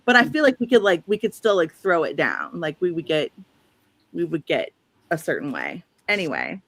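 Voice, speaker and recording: A woman's voice: lowish voice, very animated, normal speed, vocal fry, dry recording. Chatty St. Louis woman hosting a livestream. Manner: chatty, reads viewer comments aloud. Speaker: livestream host. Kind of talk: casual chat.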